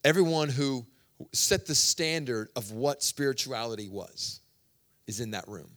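A man preaching a sermon in a conversational, storytelling way, swinging between loud bursts and hushed asides. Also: mid-range voice, unhurried.

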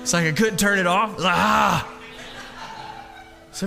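A high, bright male pastor tells a lively, self-mocking story from the pulpit and bursts into shouts now and then. His voice rings through a church hall with a long reverb, and a soft guitar plays behind him. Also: measured pace, gravelly. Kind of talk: storytelling sermon.

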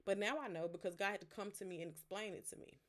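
A woman with a mid-range voice hosts a podcast and teaches in a casual devotional style. She sounds relaxed and conversational, speaks straight to her listeners, and pauses to unpack the meaning of single words. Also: mid-range voice. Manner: stops to explain words one by one. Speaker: podcast host.

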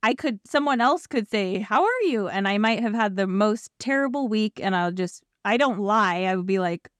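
A woman's voice: mid-range voice, normal speed, dry recording, clean studio sound. A woman co-hosting a casual book discussion, laughing often and acting out quoted lines. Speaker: podcast co-host.

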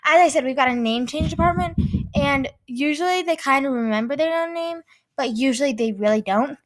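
A woman's voice: high-pitched, brisk. A woman playing a rambling, silly charity founder in an improvised comedy sketch, dragging out her words.

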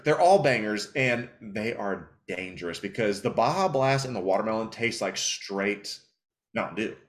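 Animated, slightly tipsy podcast host. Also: male voice, on the low side. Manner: animated, profane storytelling. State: a little tipsy and slurring. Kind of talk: casual podcast chat.

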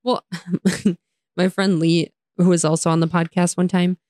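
Young woman co-host, low-ish voice, dry sound, casual, lots of laughs and rants. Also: unhurried, no room sound. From United States. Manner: animated, laughs often, rants. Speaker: podcast co-host. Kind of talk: casual chat.

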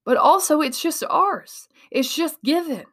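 A woman's voice: high voice, measured pace. A woman from Iowa giving an emphatic motivational talk as a speaker and coach. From Iowa, USA. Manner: animated, emphatic, acts out quoted voices.

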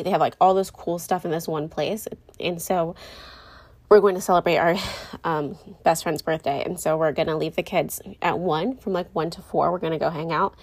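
A woman's voice: lowish voice, a little mellow. A young woman, a mom, talking candidly and rambling a little to her viewers, often correcting herself mid-sentence. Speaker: mom vlogger. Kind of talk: casual talk to camera.

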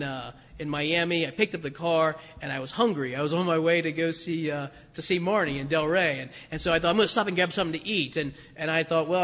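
A priest with a high voice delivers a homily. He tells stories in a loose, chatty way, stumbling over restarts as he goes. His voice carries a long reverb that fills the church. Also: fairly bright tone. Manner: conversational storytelling with frequent restarts.

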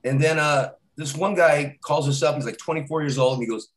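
With a fairly high voice and a brisk delivery, a male comedian guest tells meandering stories in easygoing conversation. "Right?" comes up constantly, and he laughs through his tales.

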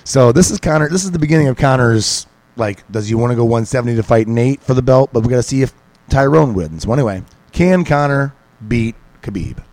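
A man's voice: mid-range voice, animated, fairly quick, darkish tone, low-quality recording. A man guest on a sports podcast, talking mixed martial arts in a rambling, casual way with many restarts and fillers. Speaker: podcast guest, MMA pundit.

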